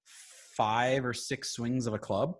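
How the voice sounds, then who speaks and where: A middle-aged man co-hosting a podcast, chatting casually and joking, sometimes bursting into loud silly voices. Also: medium pitch, fairly even intonation, slow pace. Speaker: podcast co-host. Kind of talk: casual comedic chat.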